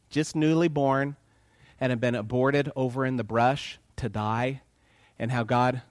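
A man's voice: mid-range voice, dry recording. A man preaching a sermon, asking the congregation questions and acting out voices in quotes. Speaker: pastor.

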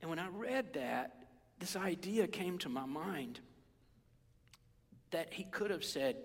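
A man preaching a sermon in a conversational, animated way, sometimes dropping to a whisper. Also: a little high, slow, pauses often, big-room sound. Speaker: pastor.

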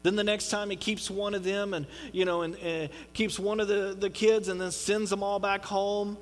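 A man's voice: sits high, little pitch movement, normal speed, poor audio. A man reading scripture aloud and explaining it in a casual, chatty teaching style, now and then acting out little voices. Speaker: pastor. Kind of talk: conversational Bible teaching.

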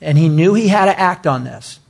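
A male pastor preaching with a slightly higher voice. He repeats short phrases for emphasis and calls his listeners "guys". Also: lively intonation, normal speed, gravelly. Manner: emphatic and repetitive, talks to the congregation as "guys". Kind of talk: sermon.

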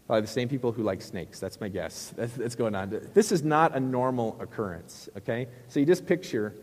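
A man's voice: medium pitch, brisk, big-room sound. A middle-aged male pastor preaching a sermon in a conversational, joking way, with rhetorical questions to the crowd.

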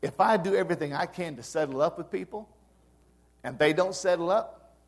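A man's voice: fairly high pitch, fairly quick. A male pastor preaching a sermon in an earnest, conversational way, pushing up into emphatic rises to stress his points.

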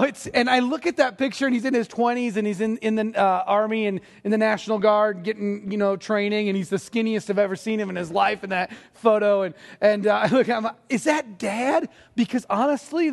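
A middle-aged man preaches from the pulpit, his voice pitched high and edged with fry. He mixes scripture with family stories in an easy, talky way. The sound hangs in the long reverb of a large sanctuary. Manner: conversational preaching with personal stories and laughs. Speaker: pastor. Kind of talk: sermon.

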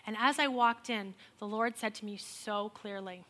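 A woman in her forties telling a humorous personal testimony to an audience. She is animated and exasperated, and she acts out the people she quotes. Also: medium pitch, moderate pace. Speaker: speaker sharing a personal testimony.

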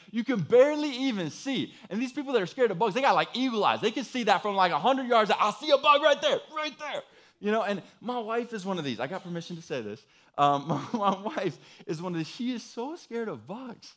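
A man's voice: a little high, fairly bright tone. A young man preaching a casual, humorous sermon, chatty and joking, full of fillers like "like" and "you know".

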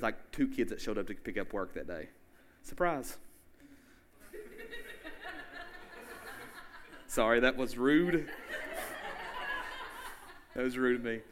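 A medium-pitched man preaches a sermon in a relaxed, conversational style, with background noise audible. He's casual and chatty, saying "like" often and frequently asking his listeners questions.

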